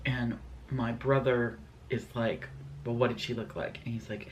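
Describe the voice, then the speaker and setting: A man's voice: medium pitch, little pitch movement, measured pace, slight background noise. Rambling, scatterbrained man telling stories. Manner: scatterbrained, rambling, many fillers. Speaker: vlogger. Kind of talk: casual storytime.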